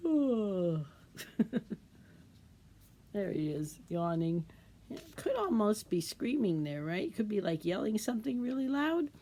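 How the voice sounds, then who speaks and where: A middle-aged woman, a children's librarian, leading a storytime craft demo for kids, talking in a gentle, sing-song, teacherly way and asking the little ones questions. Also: mid-range voice, sing-song, measured pace.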